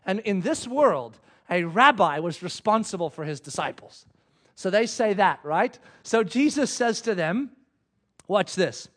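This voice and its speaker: A middle-aged man preaching a sermon, telling stories and acting out the quotes with lively energy. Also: high-pitched, moderate pace. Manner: animated storytelling, acting out quotes.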